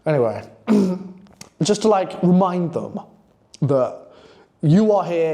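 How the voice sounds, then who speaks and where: A man's voice: on the high side, very animated, a little slow, long pauses, dark tone. A man coaching on copywriting in a blunt, profane, hyped-up casual monologue.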